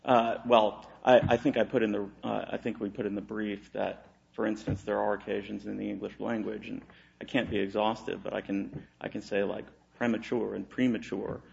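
Gravelly low-voiced man arguing in court. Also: little pitch movement, fairly quick, darkish tone, muffled recording. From Texas. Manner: hesitant, many fillers and restarts. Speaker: attorney arguing an appeal. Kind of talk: courtroom oral argument.

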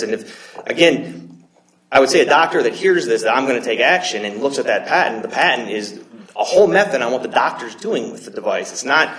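A man arguing as an attorney in a court, measured and halting, often repeating words as he makes his case. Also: mid-range voice, a bit bright. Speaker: appellate attorney. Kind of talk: courtroom oral argument. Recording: roomy courtroom echo.

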